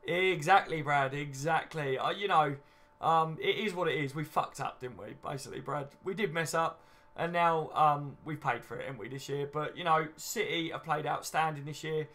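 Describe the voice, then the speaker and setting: A man in his thirties with a slightly high voice, chatting on a live stream. He rambles casually through viewer comments, filling the gaps with ums and "you know what I mean". He sounds relaxed and conversational. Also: normal speed.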